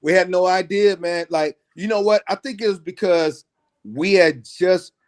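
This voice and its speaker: Producer guest, slightly high voice, easygoing storyteller, keeps saying man. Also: normal speed. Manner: laid-back, says "man" constantly, animated retelling. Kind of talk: casual storytelling interview.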